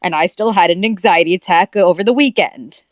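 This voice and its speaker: A woman's voice: on the low side, no room sound. A young woman co-hosting a casual podcast, reading a story aloud and joking about it. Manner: joking, quick to interrupt the story. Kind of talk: casual chat.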